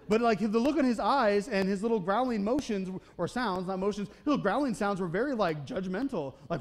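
A male pastor preaching a conversational sermon, often checking in with the congregation with a quick "okay?" or "right?". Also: sits high. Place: church.

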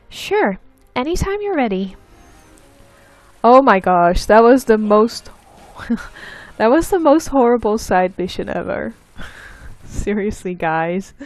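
Animated woman swearing at a video game. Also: medium pitch, no room sound. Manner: easily frustrated, swears and shouts at the game; laughs at herself. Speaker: let's play gamer. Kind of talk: casual gameplay commentary.

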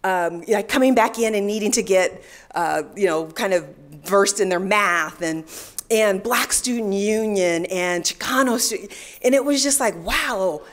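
A middle-aged woman giving a talk to an audience, telling personal stories in a lively way and acting out the voices of the people she quotes. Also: medium pitch, a little slow. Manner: animated storyteller, acts out quoted voices. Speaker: speaker at a leadership event.

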